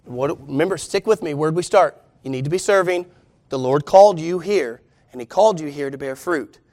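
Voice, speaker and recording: A man's voice: a little high, fairly quick, darkish tone. A man preaching to his congregation. He is emphatic and keeps turning to the listeners with rhetorical questions. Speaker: pastor. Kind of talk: sermon.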